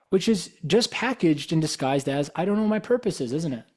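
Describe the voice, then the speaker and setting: Higher-voiced man giving a motivational talk. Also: expressive, brisk, a little mellow. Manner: probing, full of rhetorical questions. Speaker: guest speaker.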